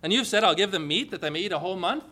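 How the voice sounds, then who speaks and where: A man preaching a sermon in church, animated and acting out the quoted lines in changing voices. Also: high-pitched, racing. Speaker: pastor.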